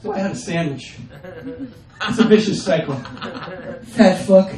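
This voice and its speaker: A man performing a stand-up comedy set, acting out his family members in quick bits. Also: a little high, a little mellow. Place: comedy stage before a live audience. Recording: roomy, distant mic with faint ambience.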